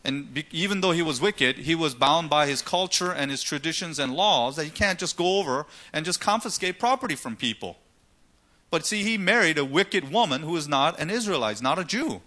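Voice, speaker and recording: A man's voice: fairly high pitch, animated, fairly quick, pushed and bright. A man preaching a sermon, asking rhetorical questions and retelling scripture stories dramatically. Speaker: pastor.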